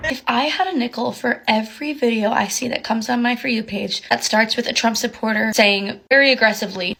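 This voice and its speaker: A woman's voice: a little high, fairly quick, creaky, hardly any pauses, pushed and bright. A woman ranting in an exasperated, sarcastic tone in a casual social media video. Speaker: content creator.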